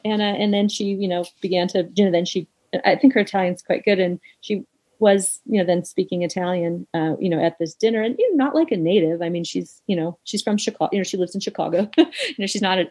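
A middle-aged woman speaks as an interview guest, reflective and thoughtful, scattering fillers as she works through her ideas. Her voice sits a little low and has a warm, mellow tone. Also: low-quality recording. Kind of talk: conversational interview.

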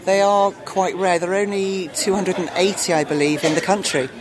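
A woman's voice: fairly low pitch, fairly even intonation, normal speed, a crowd in the background. A middle-aged woman, a dog owner being interviewed, talking with gushing enthusiasm. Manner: enthusiastic, gushing, acts out voices. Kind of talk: casual interview chat. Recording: busy crowded exhibition hall.

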